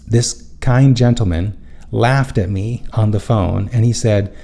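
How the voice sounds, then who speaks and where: A man's voice: lowish voice, takes it slowly, creaky, mellow. A man hosting a spiritual self-help show, telling a personal story in an earnest, rambling way and often correcting himself mid-sentence.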